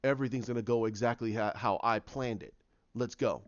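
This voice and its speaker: A man voicing a scheming ancient male dark lord who lectures in a slow, deep, commanding way. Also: fairly even intonation, no echo, muffled recording, natural voice. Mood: menacing.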